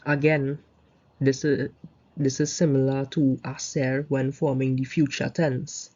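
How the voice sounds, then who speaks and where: Brief: male tutor, mellow dark voice, loose rambling explanations, lo-fi dull recording. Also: mid-range voice, flat delivery, a little slow. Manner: loose, repetitive explaining with fillers. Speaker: Spanish tutor. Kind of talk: casual recorded grammar lesson over slides.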